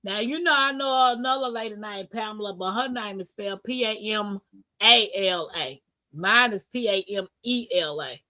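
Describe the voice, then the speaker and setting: A woman hosting a live-stream talk show, chatting casually, reading comments aloud and telling stories with animated bursts and laughter. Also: medium pitch, normal speed, no room sound. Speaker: livestream host.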